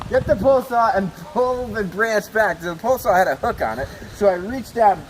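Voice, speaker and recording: A man casually telling a tree-climbing cat rescue story, animated and often laughing as he speaks. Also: high voice, moderate pace, slight background noise, poor audio.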